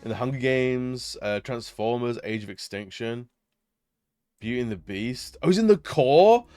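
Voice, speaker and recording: A man's voice: mid-range voice, animated, normal speed, a little mellow, no echo, soft background music. Rambling, laid-back streamer guy. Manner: rambling, lots of fillers, laughs often. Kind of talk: casual chat while gaming on stream.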